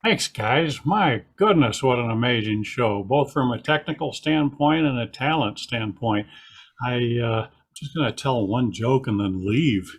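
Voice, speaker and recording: A man's voice: mid-range voice, expressive, a little slow, husky. An older man doing a dry, self-deprecating stand-up set over a video call. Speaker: stand-up comedian.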